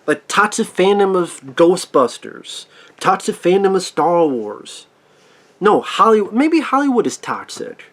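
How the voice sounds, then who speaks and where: A man's voice: high-pitched, sing-song, measured pace. A man ranting angrily and sarcastically in a profane movie review.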